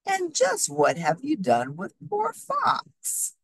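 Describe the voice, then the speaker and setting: A woman voicing an anxious, fussy neighbor mother in a storybook, with quick, fluttery phrasing. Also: sits high, huge pitch swings, creaky, a bit bright, voice pushed up, heavily acted. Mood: sweetly scolding.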